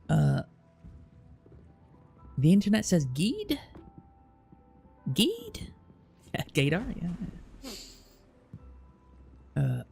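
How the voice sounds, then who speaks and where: Streaming and talking casually with his live chat, this Southwest England man has a southern English accent and fills his thinking-aloud with plenty of fillers. His voice sits a little high, gravelly but warm.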